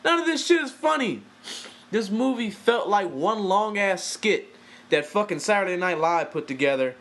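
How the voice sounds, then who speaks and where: A man's voice: high voice, very animated, moderate pace, a bit bright. A man giving a casual, profane, exasperated film review, talking animatedly and swearing freely.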